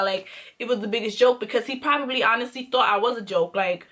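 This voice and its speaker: A woman's voice: a little high, a little fast, few pauses, fairly bright tone. A young woman vlogger telling a personal story in a candid, emphatic way, repeating phrases for emphasis. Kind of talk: casual storytime monologue.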